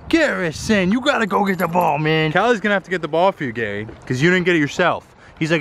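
A man vlogging outdoors, talking playfully and putting on goofy voices for his dog. His pitch swings widely and sits a bit high for a man. The recording has clear background noise. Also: expressive, fast, fairly bright tone. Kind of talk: casual vlog narration. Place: outdoors by a backyard pool.

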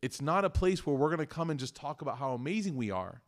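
Male community speaker, relaxed faith talk, humorous storyteller who trips over his words. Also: fairly high pitch, fast talker. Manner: conversational and joking, with frequent restarts. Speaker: speaker at a community study circle. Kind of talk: casual religious talk with personal stories.

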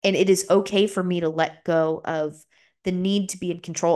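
A young adult woman hosting a solo podcast, talking openly and emotionally and swearing freely, her voice jumping up high when she gets excited. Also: normal speed. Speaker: podcast host. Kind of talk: solo confessional podcast talk.

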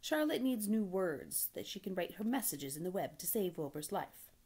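Storybook old sheep, shrewd, persuasive, gently scolding, lively delivery; a woman plays her. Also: on the low side, moderate pace, slightly rough, heavily acted. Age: older. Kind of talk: storybook reading.

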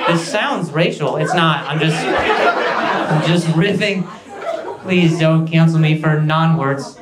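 A man doing a stand-up comedy set on a club stage, ranting brashly and stuttering now and then. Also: on the high side. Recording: roomy club with loud noise.

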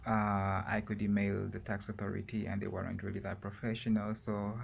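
Halting rambling man, low and muffled. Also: completely flat delivery, vocal fry, a little hiss or hum. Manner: meandering, halting, many fillers and pauses. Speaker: vlogger. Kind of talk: rambling solo vlog monologue. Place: a room, alone.

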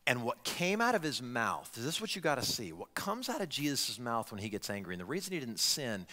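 A man preaching a sermon as pastor, talking in an animated way and putting direct questions to his congregation. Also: medium pitch, fairly quick, big-room sound. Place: church sanctuary.

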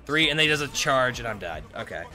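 A man's voice: medium pitch, very animated, quick pace, sharp tone, faint music behind. A young man commenting casually on his own gameplay, swearing and breaking into frustrated outbursts. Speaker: gaming streamer.

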